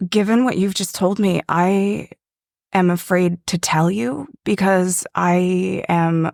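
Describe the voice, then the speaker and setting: A woman's voice: on the low side, vocal fry, a little mellow, dry recording, studio quality. A woman playing a stammering, nervous adventurer. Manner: hesitant, stammering.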